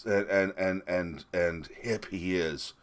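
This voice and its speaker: A man's voice: low voice, steady tone, takes it slowly, smooth. A middle-aged man ranting sarcastically into a webcam, mocking and rambling with restarts. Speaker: political commentator.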